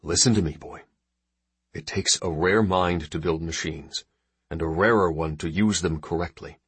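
A man's voice: deep voice, moderate pace, a bit bright, breathy edge, no echo, exaggerated voice. A man voicing a harsh old male farmer and inventor who talks down to his son bluntly. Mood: scornful. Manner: blunt and scornful.

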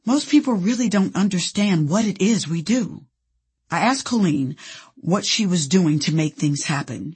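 Husky actress from indianapolis reading her own memoir, low-ish voice, playful and candid. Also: animated, a little slow, a little mellow. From Indianapolis, USA. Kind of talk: memoir audiobook narration.

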